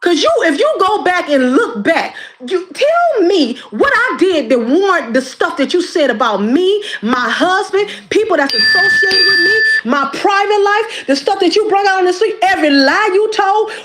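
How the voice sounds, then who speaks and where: High-pitched woman, impassioned and preachy. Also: big pitch swings, moderate pace, hardly any pauses, background noise. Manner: preachy and emphatic, repeats phrases. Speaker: YouTube creator. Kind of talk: impassioned direct-to-camera monologue.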